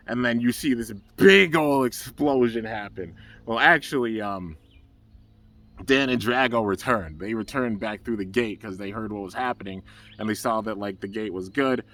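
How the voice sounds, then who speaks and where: Man in a laid-back recap, slightly low voice, rambles eagerly with fillers. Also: moderate pace, a bit bright, slight background noise. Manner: rambling, loose and enthusiastic, full of "um" and "you know". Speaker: anime episode reviewer. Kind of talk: casual recap.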